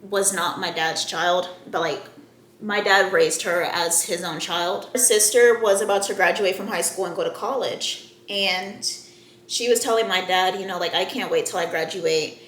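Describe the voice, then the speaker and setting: A woman's voice: medium pitch, steady tone, moderate pace, fairly bright tone, slight background noise. Young woman ranting a storytime in an echoey room. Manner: profane, heated, talks straight to viewers. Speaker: storyteller vlogger. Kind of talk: casual storytime rant.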